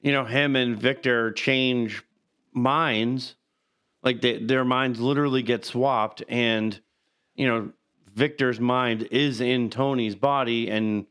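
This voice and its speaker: A man co-hosting a podcast in quick, animated casual chat, often tripping over repeated words. His voice is smooth and resonant at a middling pitch. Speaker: podcast co-host.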